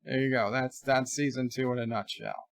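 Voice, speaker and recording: A man's voice: medium pitch, fairly even intonation, normal speed, no room sound, studio quality. A man hosting a casual live stream, reading viewer letters aloud and riffing on them with jokes, in a rambling way. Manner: rambling, reads letters aloud and riffs jokingly. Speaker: livestream host answering viewer letters. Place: home room.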